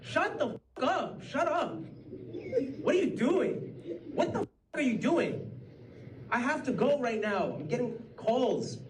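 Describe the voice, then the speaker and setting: An irritated pop star snaps and swears in a flat, unenthusiastic tone. The sound is a film clip replayed in an echoey space, picked up from some distance with a faint hiss underneath. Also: male voice, very high-pitched, measured pace, long pauses, exaggerated voice. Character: irritated male pop star brushing off a lover.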